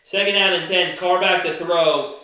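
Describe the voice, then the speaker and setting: A man hosting a live stream, giving excited play-by-play of a football game and breaking into angry shouts and swearing. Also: high voice, normal speed. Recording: very echoey room.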